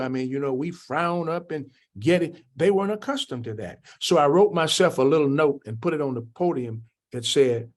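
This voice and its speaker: An older man teaching a church class on anger, preaching and answering questions from the group. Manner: preaching, acts out quoted speakers with rising pitch.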